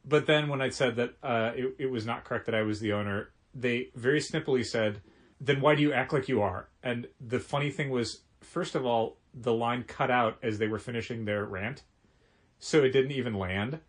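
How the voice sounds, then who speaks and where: A man co-hosting a relaxed podcast about his comic shop, talking in an easy, chatty way. He tells his stories with animation and slips into the voices of the people he quotes. His voice sits at a middle pitch. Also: normal speed. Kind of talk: casual podcast chat.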